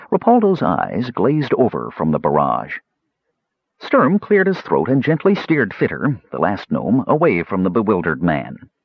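Husky male audiobook narrator, measured scripted reading with a very lively pitch, dry close lo-fi recording. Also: dry recording.

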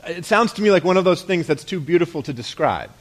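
A man preaches to his congregation in a relaxed, conversational way. His voice sits a little high, and he often sinks quietly at the close of a thought. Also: fast. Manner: conversational preaching with rhetorical questions and soft drops at phrase ends. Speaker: pastor. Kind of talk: sermon.

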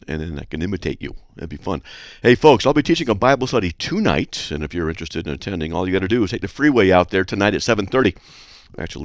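A man's voice: low-pitched, no echo. A middle-aged man hosting a call-in radio show, chatty and playful, rambling casually.

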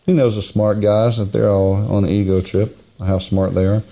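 A man preaching a folksy Bible-teaching sermon, stretching key phrases slowly and swinging from raised, high stresses to hushed, low asides. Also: level tone.

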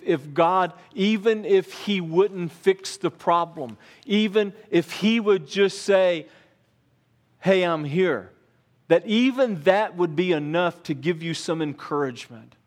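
A man with a high-pitched voice preaches as a pastor, earnest throughout, alternating quiet passages with rising, emphatic repetitions.

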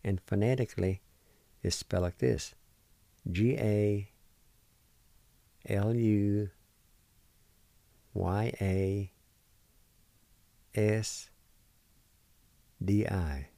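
Male radio host, language teacher; patient and encouraging, mellow tone, dry close sound. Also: lowish voice, fairly even intonation, very slow, creaky, pauses often, no echo. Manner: patient, spells words letter by letter and repeats them. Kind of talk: slow spelling and pronunciation lesson.

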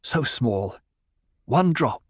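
A man voicing a young man just out of a coma, his voice weak but steady. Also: medium pitch, very slow, slightly rough, dry recording, studio quality, full character voice.

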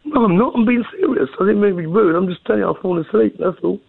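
A man, croaky-voiced, calling in to a radio show and rambling apologetically. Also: high voice, racing, no echo. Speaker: caller. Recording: tinny phone line.

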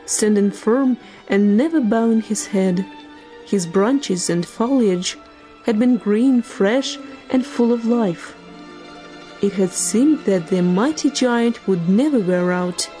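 A woman narrating a storybook tale in a measured, expressive reading. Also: on the high side.

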